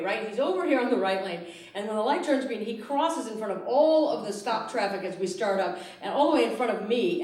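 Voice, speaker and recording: Brash woman ranting onstage. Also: on the high side. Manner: brash, profane, animated, ranting. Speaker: stand-up comedian. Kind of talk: stand-up comedy set. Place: theatre stage before a live audience. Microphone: handheld stage mic. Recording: roomy live theatre with audience laughter. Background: audience laughter.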